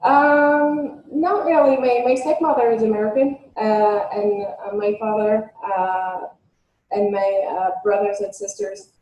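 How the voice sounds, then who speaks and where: A French-accented woman talks as a guest author, pausing often and searching for her words. Her voice is mellow and dark. The recording carries a noticeable room echo. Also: mid-range voice, steady tone, highs cut off, a little hiss or hum. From France. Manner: hesitant, lots of filler pauses. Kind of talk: casual interview chat.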